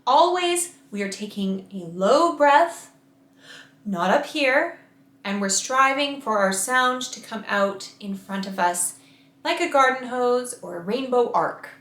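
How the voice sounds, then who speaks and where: A woman voice coach leading a guided vocal warm-up lesson, giving slow, carefully enunciated instructions and demonstrating each exercise. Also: a little high, animated, roomy sound.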